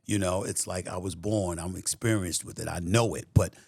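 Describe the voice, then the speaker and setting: A man's voice: deep voice, fairly even intonation, moderate pace, creaky, darkish tone, breathy edge, no echo, studio quality. A middle-aged man with a New York accent, a guest talking in an emphatic, streetwise way in a casual interview. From New York City.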